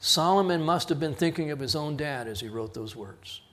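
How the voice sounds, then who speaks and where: A man's voice: fairly high pitch, lively intonation, moderate pace, a bit bright. Storytelling man teaching Bible study. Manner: storytelling, quotes others in raised voice, chuckles at himself. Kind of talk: sermon.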